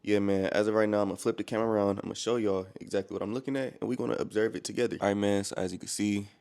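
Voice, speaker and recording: Laid-back young man, mellow low voice. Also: steady tone, rapid-fire, vocal fry, clean tone. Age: 20s. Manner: laid-back slang-heavy talk, calls viewers bro. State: a little out of breath. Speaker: day trader vlogger. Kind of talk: casual vlog with market updates.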